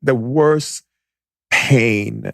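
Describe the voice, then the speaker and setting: A man's voice: medium pitch, extremely slow, vocal fry, fairly bright tone, dry recording, clean studio sound. A man telling a personal story as a podcast guest, intense and vivid.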